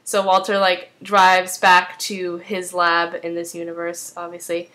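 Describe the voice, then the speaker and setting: A woman's voice: on the low side, completely flat delivery, unhurried, pushed and bright. Chatty young woman rambling through a recap. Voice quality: rambling with many fillers, chatty. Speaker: fan recapping a TV episode. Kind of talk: casual spoken recap.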